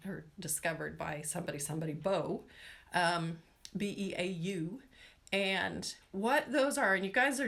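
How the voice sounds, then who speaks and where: A woman from Washington state hosting a casual nail-care livestream, rambling and chatty, often saying "y'all" and reading out viewer names and questions. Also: fairly low pitch. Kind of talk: casual live-stream chat with viewers.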